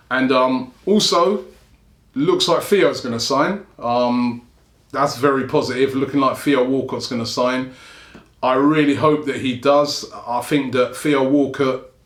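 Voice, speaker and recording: A man hosting a fan show, running through viewer comments in a loose, chatty way and chuckling as he goes. His voice sits at an ordinary middle pitch. The recording has a clear roomy echo around it. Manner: chatty, chuckles often between remarks. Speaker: fan channel host. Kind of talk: casual chat reading out viewer comments.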